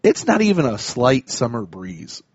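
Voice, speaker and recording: A man's voice: medium pitch, sing-song, unhurried, darkish tone, breathy edge, dry recording. Man chatting dry on a dull podcast mic. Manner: laid-back, chuckling, lots of fillers. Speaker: podcast co-host reading listener emails. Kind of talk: casual sports chat.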